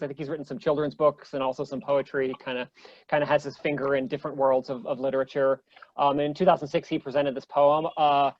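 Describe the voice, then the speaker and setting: A man's voice: fairly high pitch, highs cut off. A man giving an online lecture to a group, eager and full of ums and restarts as he explains. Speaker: presenter.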